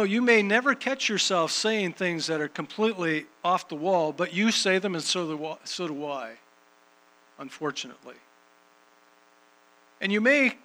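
A man's voice: a little high, sharp tone, poor audio. A man preaching a sermon and reading scripture, emphatic, repeating phrases for rhythm.

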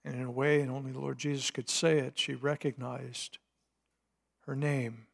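A man preaching a sermon, retelling a scripture scene dramatically, swinging between hushed and emphatic delivery. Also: medium pitch, level tone, moderate pace, creaky, breathy edge. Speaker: pastor.

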